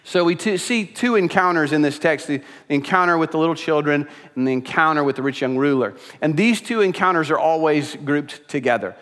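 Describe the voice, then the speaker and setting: A pastor preaching a sermon with earnest delivery that rises into emphatic, repeated phrases. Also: male voice, fairly high pitch. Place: church sanctuary. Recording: long reverb in a church hall.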